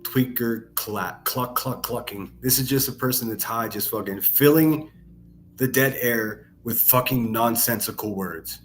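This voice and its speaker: A man's voice: medium pitch, measured pace. A man hosting a reaction commentary, mocking and sarcastic, with heavy profanity. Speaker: commentary channel host.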